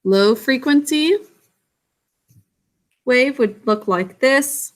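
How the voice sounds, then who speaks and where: A woman's voice: high voice, lively intonation, very slow. A woman teacher explaining a science lesson in a casual, self-correcting way to young students. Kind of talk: recorded classroom lesson.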